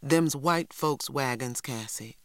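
A woman reading aloud voices a stern elderly grandmother, gruff and firm. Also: takes it slowly, fairly bright tone, no room sound, full character voice. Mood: scolding. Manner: gruff, scolding, low.

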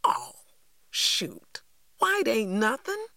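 A woman voicing a spirited, defiant young girl in an audiobook, indignant and quick to argue back. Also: medium pitch, animated, dry recording, clean studio sound, voice pushed up, natural voice. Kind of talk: audiobook character voice.

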